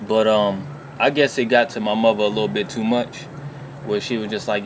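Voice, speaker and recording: A man's voice: fairly low pitch, fairly even intonation, fairly quick, noisy background. A man telling a rambling, profane personal story in a casual vlog, leaning on filler phrases. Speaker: vlogger.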